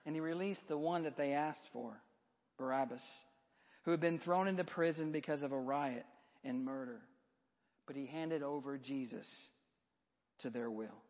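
A man giving a dramatic scripture reading, rising loud for the crowd's lines and dropping soft for the narration. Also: mid-range voice, moderate pace, long pauses, long reverb tail, lo-fi sound. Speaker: scripture reader.

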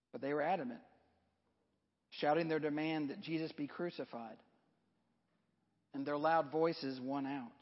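A man giving a dramatic scripture reading, rising loud for the crowd's lines and dropping soft for the narration. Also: a little high, a little slow, pauses often, long reverb tail, muffled recording. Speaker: scripture reader.

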